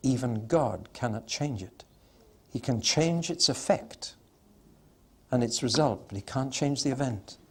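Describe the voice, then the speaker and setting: A man with a medium-pitched, fairly bright and husky voice gives a Bible teaching talk to an audience. He's emphatic and conversational with dry humor, swelling suddenly on stressed words and drawing them out.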